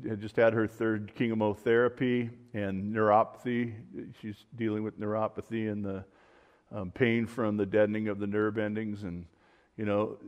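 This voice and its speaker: A man's voice: on the low side, darkish tone, long reverb tail. A man preaching a conversational sermon as pastor, reading scripture and wandering into asides and restarts.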